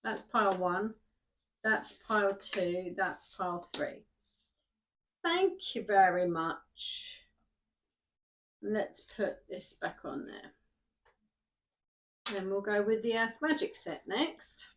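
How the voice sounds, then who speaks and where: A woman's voice: mid-range voice, animated, takes it slowly, long pauses, fairly bright tone, a little hiss or hum. A middle-aged woman in a summer house, rambling casually to herself as she reads oracle cards. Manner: chatty, rambling, talks to herself while shuffling cards. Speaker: tarot card reader. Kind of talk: casual oracle card reading.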